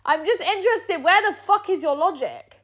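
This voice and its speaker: High-voiced British woman ranting angrily. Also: expressive, moderate pace, fairly bright tone, highs cut off. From Britain. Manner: heated, sarcastic, heavy swearing. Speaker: online personality. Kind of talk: angry streamed rant.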